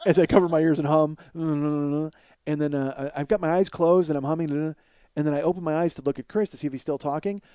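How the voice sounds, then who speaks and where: A middle-aged man spins a comic story at a rapid clip, rambling and swearing freely as he mocks himself. His voice sits a little high for a man yet sounds dark and mellow. The recording is close and dry. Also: steady tone, smooth, no room sound. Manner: rambling, profane, self-mocking. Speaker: podcast host. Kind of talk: comedic storytelling monologue.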